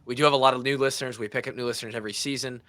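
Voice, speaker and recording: Man, thirties, podcast host, casual storytelling, animated, does voices, bright voice. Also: mid-range voice, very fast. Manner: animated, acts out voices in his stories.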